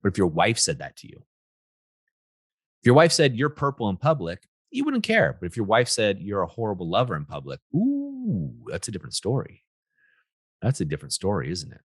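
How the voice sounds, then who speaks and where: Husky, animated male motivational host. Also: on the low side, a little fast, no room sound, studio quality. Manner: animated, emphatic, repeats "right?" and "guys". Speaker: podcast host, relationship coach. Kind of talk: motivational monologue.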